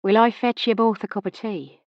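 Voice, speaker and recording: A woman voicing a tired, wheezy old Irish man who sweeps a car showroom, speaking softly and politely. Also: high voice, fairly even intonation, normal speed, no room sound, muffled recording, lightly acted. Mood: polite, deferential. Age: older. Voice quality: wheezy breathing. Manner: soft, polite, deferential.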